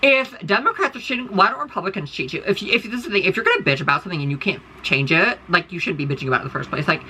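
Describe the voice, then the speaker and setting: A woman's voice: on the low side, animated, racing, pushed and bright, a little hiss or hum, rough recording. A woman from the United States in a casual, rambling monologue to her followers, blunt and profane, full of fillers, talking into her phone indoors. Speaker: content creator.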